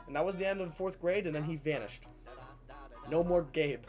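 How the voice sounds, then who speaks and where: A man telling a comedic story in a casual, animated way, swearing freely. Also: fairly high pitch, normal speed, soft background music.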